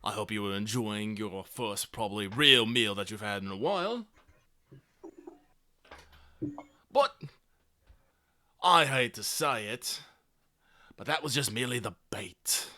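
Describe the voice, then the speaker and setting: A man voicing a scheming male gang leader villain in a gravelly voice, delivering a smug threatening speech. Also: medium pitch, big pitch swings, normal speed, fairly bright tone, no echo, clean studio sound. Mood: smug menacing.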